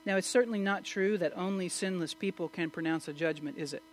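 Emphatic male preacher with mains hum. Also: quick pace. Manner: swings from loud emphatic questions to low quiet asides. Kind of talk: sermon.

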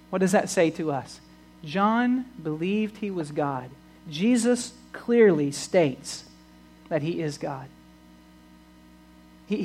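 A man's voice: high-pitched, slightly rough, low-quality recording. A man preaching a sermon, repeating words as he restarts phrases and rising into emphatic bursts.

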